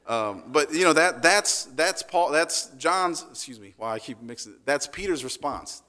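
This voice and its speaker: A man's voice: fairly high pitch, lively intonation, normal speed, pushed and bright, big-room sound. A man preaching a sermon in a conversational way, often checking in with "right?" and restarting phrases. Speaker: pastor.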